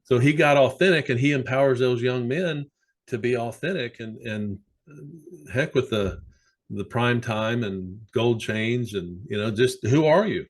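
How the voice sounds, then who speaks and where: A man who works as a sports psychologist, speaking as a podcast guest and telling animated stories with plenty of fillers. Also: medium pitch, unhurried. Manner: animated, anecdotal, many fillers. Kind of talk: conversational storytelling.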